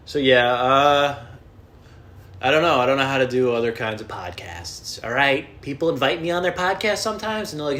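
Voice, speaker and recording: A man's voice: medium pitch, lively intonation, moderate pace, fairly bright tone, a little hiss or hum. A young adult man hosting a solo podcast from his home, rambling, cursing and making fun of himself as he jumps from topic to topic. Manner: self-deprecating, profane, jumps between topics. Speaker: podcast host and comedian. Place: at home indoors.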